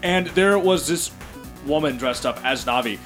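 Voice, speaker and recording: A man's voice: on the high side, moderate pace, fairly bright tone, soft background music. A man co-hosting a casual gaming podcast, telling stories and laughing often. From Michigan, USA. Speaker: podcast co-host.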